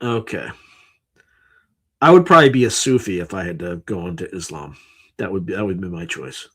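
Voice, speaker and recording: A man's voice: sits low, lively intonation, a little fast, fairly bright tone, husky. A man hosting a live stream, tired and yawning, reading through a list in a casual, offhand way with sarcastic asides. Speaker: livestream host.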